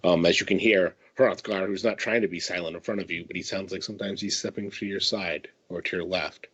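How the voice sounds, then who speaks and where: Brief: male game master, halting descriptive narration, dull call sound. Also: low voice, steady tone, fairly bright tone, slightly rough.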